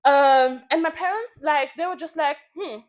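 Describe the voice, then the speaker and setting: A woman in her twenties vents in a casual vlog, speaking at normal speed in a high voice. She's frank and heated, swearing freely and repeating phrases for emphasis.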